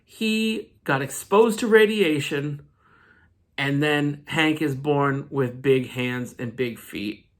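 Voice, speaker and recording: A man's voice: fairly high pitch, slow pace. Male comic vlogger, casual recap, playful slangy commentary. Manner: joking, slangy asides. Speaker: comic book reviewer.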